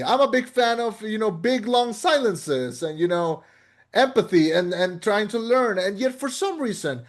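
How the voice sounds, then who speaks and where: Male podcast co-host, slightly high voice, thoughtful, pauses often to find words. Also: big pitch swings. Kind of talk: casual movie review chat.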